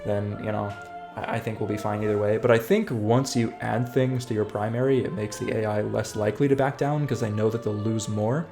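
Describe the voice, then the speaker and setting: A man's voice: on the low side, fairly even intonation, brisk, creaky. A man giving casual, upbeat, jokey commentary over his strategy game playthrough. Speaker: gaming channel host. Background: faint game music.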